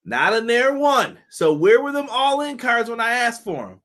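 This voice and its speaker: A man's voice: extremely high pitch, big pitch swings, normal speed, a bit bright. A man hosting a casual wrestling review show, talking loosely with laughs, curses and mock voices. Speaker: wrestling podcast host.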